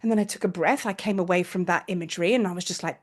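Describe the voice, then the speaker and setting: A woman, a spiritual teacher telling a personal story to camera in an excitable, effusive way. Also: mid-range voice, racing, few pauses. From England, near Glastonbury.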